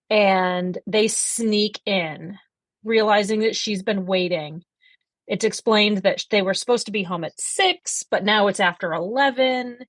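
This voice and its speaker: A woman on a podcast recaps an old TV episode in loose, casual chat. She acts out the characters' lines and swears for emphasis. Her voice sits at a middle pitch, and the sound is close and dry. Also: no echo. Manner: animated storytelling, quotes characters, swears for emphasis. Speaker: podcast co-host.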